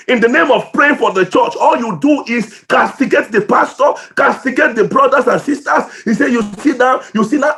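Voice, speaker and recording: A pastor from Nigeria preaching an impassioned sermon, swinging between shouts and hushed, emotional drops. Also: male voice, extremely high pitch.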